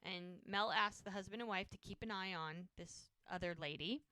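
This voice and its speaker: A woman's voice: medium pitch, normal speed, pushed and bright, no room sound. A woman co-hosting a podcast, retelling a TV episode in casual chat and acting out the characters' lines. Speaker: podcast co-host.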